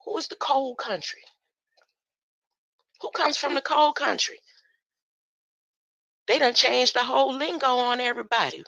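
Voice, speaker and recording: A woman's voice: sits high, a little slow, gravelly, long pauses, no room sound, poor audio. A woman giving casual commentary on videos, asking rhetorical questions. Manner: animated, rhetorical "huh?" asides, laughs often.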